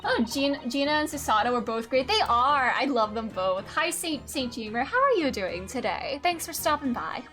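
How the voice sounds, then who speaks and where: A woman's voice: sits high, big pitch swings, moderate pace, hardly any pauses, bright, forceful tone. A woman streamer chatting casually and reacting aloud while playing a video game. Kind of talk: casual gameplay commentary. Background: game music.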